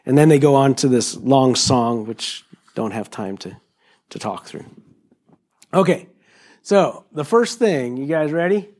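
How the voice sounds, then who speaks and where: A middle-aged man preaching a sermon to a congregation, animated and joking, acting out quotes in high voices. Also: unhurried, long pauses. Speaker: pastor.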